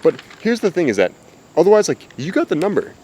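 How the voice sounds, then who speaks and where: A dating coach gives blunt, profane advice in casual talk to camera outdoors, with faint cicadas in the background. His high voice is sing-song and fast with a dark tone. A little hiss or hum sits under the recording.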